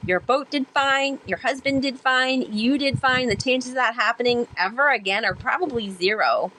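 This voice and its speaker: A woman voicing a calm, encouraging older male sailing mentor inside her own story, speaking in steady, simple reassurances. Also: a little high, normal speed, a little hiss or hum, pitched above the performer's own voice, poor audio. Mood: reassuring.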